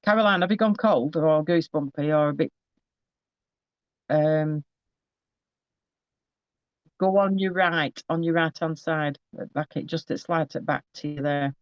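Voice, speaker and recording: Chatty man, fairly high voice. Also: no room sound. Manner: chatty, halting, restarting phrases. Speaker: psychic medium. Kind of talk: live spirit reading to a sitter. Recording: slightly dull, dry recording.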